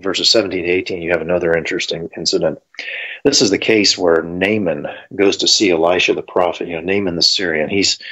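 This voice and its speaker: With a low, husky voice that's a bit bright, a man teaches about the Bible in a casual, think-aloud way filled with fillers. The recording is dull and lo-fi.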